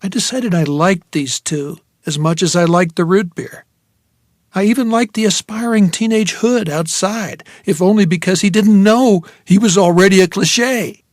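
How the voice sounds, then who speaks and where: A man narrates a first-person novel in a wry, reflective way. His voice sits a little on the high side. The read is dry and close to the mic. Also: moderate pace, dry recording. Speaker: audiobook narrator.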